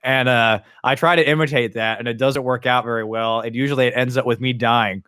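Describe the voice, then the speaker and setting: A man's voice: mid-range voice, steady tone, bright, forceful tone, clean tone. A young man hosting a podcast, chatting casually and joking playfully. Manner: playful, quick to joke and tease. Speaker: podcast host.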